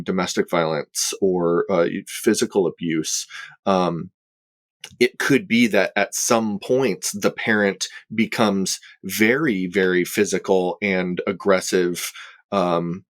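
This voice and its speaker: A man who is a therapist, talking on a podcast in a halting way with many fillers and restarts. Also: low voice, steady tone, no room sound. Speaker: therapist co-host. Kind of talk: conversational podcast talk.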